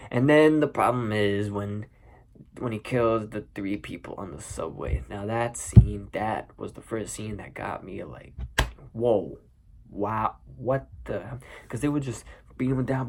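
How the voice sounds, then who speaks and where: A man giving a casual spoiler review of a movie, animated and acting out scenes with sound effects. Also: mid-range voice, creaky, slightly rough. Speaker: movie commentator.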